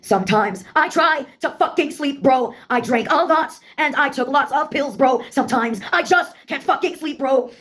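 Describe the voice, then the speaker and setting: A woman's voice: high voice, normal speed, few pauses, fairly bright tone. A woman delivering a rambling spoken-word monologue, blunt and full of swearing.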